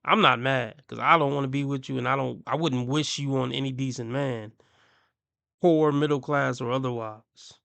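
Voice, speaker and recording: A man's voice: medium pitch, steady tone, normal speed, gravelly, fairly bright tone, no echo. A man ranting bluntly and crudely as he reacts to clips on his stream. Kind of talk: ranting commentary.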